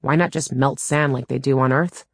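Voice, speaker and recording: A woman's voice: very deep voice, steady tone, normal speed, slightly rough, dry recording. Wry woman narrating an audiobook. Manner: wry, dry first-person storytelling. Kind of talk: first-person audiobook narration.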